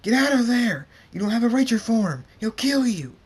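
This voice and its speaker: A man voicing a protective male pony who is his brothers' keeper, talking high and loud in a pleading, panicked way. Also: normal speed, slightly rough, natural voice. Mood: alarmed.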